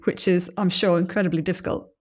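A woman hosting an interview podcast, responding appreciatively and posing measured questions. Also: fairly low pitch, steady tone, a little mellow. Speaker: podcast host.

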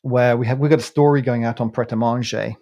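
A man in casual podcast talk, with a gravelly, creaky edge to his mid-pitched voice. He rambles along, keeps restarting his sentences and chuckles at himself. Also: fairly even intonation, fast talker, dark tone, lo-fi sound. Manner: rambling, self-correcting, chuckling. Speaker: podcast co-host. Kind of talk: casual chat.

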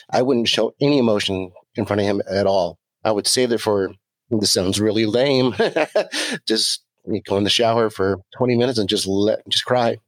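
Male podcast guest, lowish voice, candid, plainspoken, dry close sound. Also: no echo. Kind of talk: casual podcast conversation.

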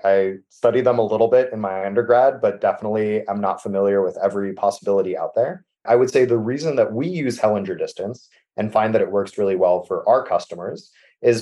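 Low, mellow man explaining casually. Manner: casual, many fillers like "like" and "you know", trails off softly at sentence ends. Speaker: MLOps architect guest. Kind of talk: conversational technical explanation.

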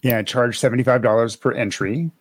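A man's voice: medium pitch, fairly even intonation, fairly quick. A man hosting a podcast in casual chat, talking in a rambling way with lots of fillers and restarts. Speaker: podcast host.

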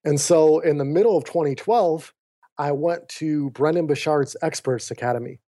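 A podcast guest with a fairly high voice and a moderate pace earnestly tells a personal story, acting out the dialogue with animation. He's speaking over a remote call mic.

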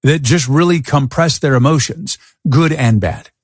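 A man's voice: medium pitch, normal speed, dry recording. Man telling stories, dry close sound. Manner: animated, acts out his own past thoughts. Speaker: podcast host. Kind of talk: storytelling in a casual interview. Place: Arizona.

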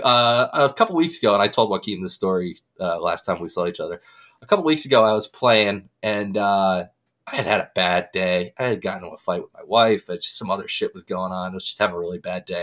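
Low-voiced man telling a story, animated. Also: a little fast. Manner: animated storyteller, swearing, voice jumping up when excited. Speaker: podcast co-host. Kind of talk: casual chat.

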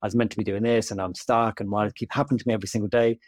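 A man's voice: flat delivery, no echo. A young man, a junior doctor, telling a story in casual, self-deprecating, rambling podcast chat. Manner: rambling, self-deprecating, quick and low-key.

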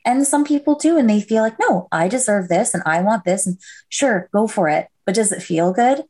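Mellow-voiced woman guest. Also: medium pitch, animated, moderate pace. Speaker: podcast guest. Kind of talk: casual chat, sharing her story.

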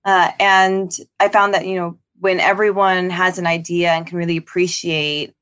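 A woman's voice: fairly low pitch, little pitch movement, moderate pace, fairly bright tone, clear, resonant tone. A woman guest on a podcast interview, answering thoughtfully with frequent ums and restarts. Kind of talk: casual interview.

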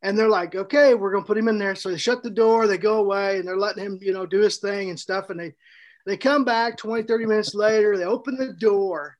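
A man co-hosting a podcast, telling a story in a casual, animated way, laughing often and restarting his sentences. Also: high voice, a little fast, lo-fi sound. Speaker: podcast co-host and author.

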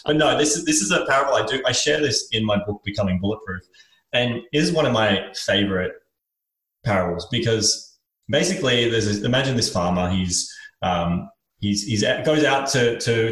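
A man chatting as a podcast guest, telling a parable with lively energy. He jumps his pitch up when he quotes other people. His voice rings in a roomy space. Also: normal speed. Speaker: podcast guest, business author. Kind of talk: casual podcast storytelling.

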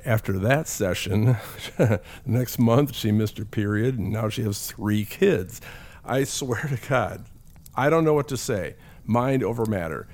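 A middle-aged man with a somewhat low voice talks in a relaxed, conversational way. He is a counselor recounting cases from his practice. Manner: conversational storytelling with acted quotes. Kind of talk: talk.

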